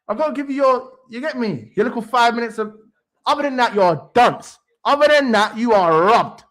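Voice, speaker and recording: A man's voice: very high-pitched, fairly quick. A young man, hosting a football livestream and ranting heatedly, swearing and repeating his points. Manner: animated, swearing, repeats phrases for emphasis. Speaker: sports stream host.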